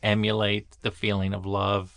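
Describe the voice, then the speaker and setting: A man's voice: fairly low pitch, completely flat delivery, normal speed, creaky, a bit bright, dry recording, studio quality. A man chatting casually as a podcast co-host, teasing his partner and peppering her with playful questions. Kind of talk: casual chat.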